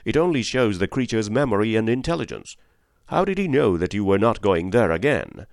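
A man reading the part of a stern, upright gentleman horse owner who scolds with grave moral reproach. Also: fairly low pitch, very animated, brisk, gravelly, no echo, clean studio sound. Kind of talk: audiobook character reading.

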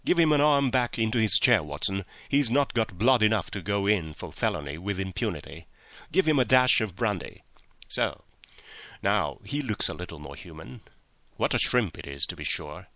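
A man playing a cool, commanding detective in an audiobook, speaking quietly and sternly with measured control. His voice sits low with a bright, forceful edge, recorded close and dry. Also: animated, no room sound. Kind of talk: audiobook character reading.

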